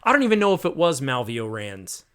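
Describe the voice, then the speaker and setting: A man's voice: medium pitch, sing-song, brisk, a bit bright, clean tone. A man voicing a terrified young male recruit in a tabletop game, stammering and piling up panicky denials.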